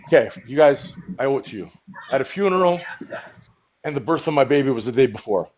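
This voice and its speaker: A man's voice: medium pitch, lively intonation, quick pace, a little mellow, lo-fi sound, slight background noise. A man hosting a live stream, joking around and swinging into exaggerated mock crying and laughter, swearing and saying man a lot. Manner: profane, repeats words like man. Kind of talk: comedic live stream banter.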